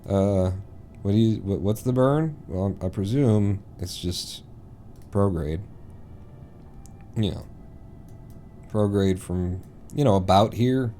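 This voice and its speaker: A male streamer commenting on his gameplay live in a loose, rambling way, talking to himself and breaking into loud swearing when the game goes wrong. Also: on the low side, slow pace, pauses often, a little hiss or hum. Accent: East Coast American, put on.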